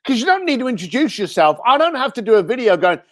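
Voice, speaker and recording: A British man, a guest on an interview show, giving casual advice in an animated way and acting out what people might say. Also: extremely high pitch, fast talker, dry recording, studio quality. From Britain. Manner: animated, acts out quoted speech.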